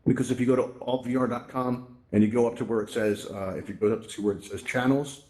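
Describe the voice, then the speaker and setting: Fast-talking chatty man presenting in VR. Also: mid-range voice, steady tone, darkish tone. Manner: chatty, rambling, many fillers and asides. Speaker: VR event presenter. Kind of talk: casual live presentation. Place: virtual reality social space, headset mic.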